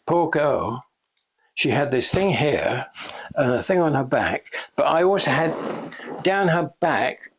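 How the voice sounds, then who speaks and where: A man's voice: on the high side, husky. An older man telling chatty backstage anecdotes in an interview, laughing often and acting out the lines he quotes. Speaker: interviewee, special effects veteran. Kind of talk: casual anecdotal storytelling. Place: shop.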